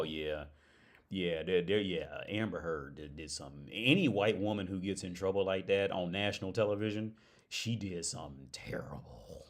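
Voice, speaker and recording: A young man hosting a casual livestream, swearing freely and breaking into loud laughs. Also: low voice. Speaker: livestream host.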